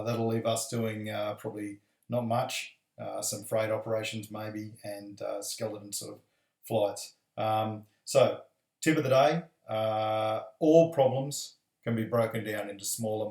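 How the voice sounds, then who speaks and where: An Australian airline pilot giving a casual, rambling, friendly video message full of fillers. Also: male voice, fairly low pitch, a little mellow, far from the mic. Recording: echoey room.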